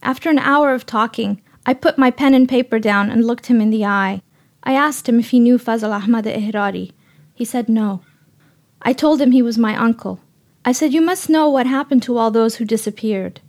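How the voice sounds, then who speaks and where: A woman reporter tells her story in a measured, scripted radio narration. Her voice sits a little high and her delivery stays steady and sober throughout. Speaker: freelance reporter.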